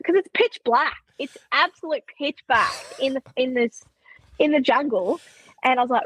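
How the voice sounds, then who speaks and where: A young Australian woman telling stories as a podcast guest, animated, laughing often and saying "like" a lot. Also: high-pitched, normal speed, husky, low-quality recording. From Queensland, Australia. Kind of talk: casual storytelling.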